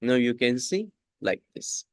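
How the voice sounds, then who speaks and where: Slow man repeating every line. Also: medium pitch, sing-song, clear, resonant tone, no echo, studio quality. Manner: repeats each sentence twice, slow and deliberate. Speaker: coding instructor. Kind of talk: classroom coding lesson.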